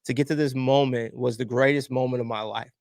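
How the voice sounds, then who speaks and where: A man's voice: medium pitch, a little fast, vocal fry, no room sound. Guy in his 30s telling his story on a podcast, acts out voices, dry close mic. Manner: candid, animated storyteller, acts out quoted voices. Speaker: podcast guest. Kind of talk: emotional storytelling interview.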